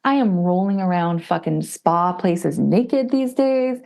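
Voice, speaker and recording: Woman, 40s, podcast guest, lowish voice, vocal fry, blunt, swears a lot, animated storyteller. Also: slow. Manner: acts out other people's voices when telling stories. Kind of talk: candid conversational storytelling.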